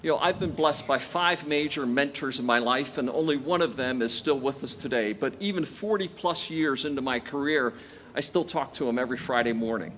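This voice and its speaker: A man's voice: medium pitch, fairly quick, fairly bright tone, slight background noise. A man in his sixties giving a commencement speech, telling stories from his career with self-deprecating jokes. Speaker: commencement speaker. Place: outdoor stadium ceremony.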